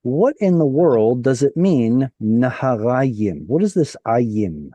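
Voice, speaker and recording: A man's voice: medium pitch, very animated, takes it slowly, mellow, dry recording, lo-fi sound. A man teaching a Hebrew reading class over a video call, patiently explaining step by step.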